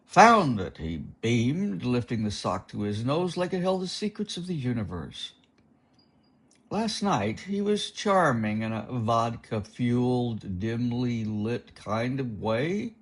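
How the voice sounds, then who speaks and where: A man narrating a first-person novel as an audiobook, in a slow, wry and expressive reading. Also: mid-range voice, slightly rough.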